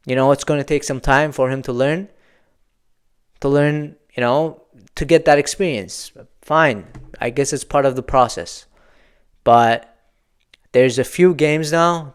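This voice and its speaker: A man's voice: mid-range voice, clean tone. A young man hosting a football channel, venting his frustration in a solo post-match reaction with emphatic, repetitive phrasing.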